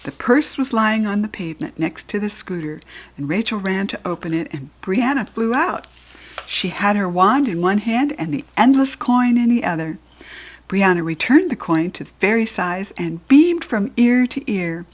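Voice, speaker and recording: American woman, storybook reader, lively and expressive delivery. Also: mid-range voice, moderate pace. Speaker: children's book reader. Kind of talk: storybook read-aloud.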